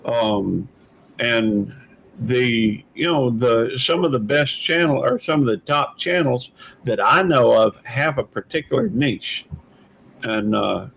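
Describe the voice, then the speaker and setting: A man's voice: mid-range voice, slow pace, creaky, fairly bright tone, a little hiss or hum, poor audio. Man, stream host, casual panel chat, mid-range voice, rambling, hesitant. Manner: rambling, hesitant, many fillers and restarts. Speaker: channel host.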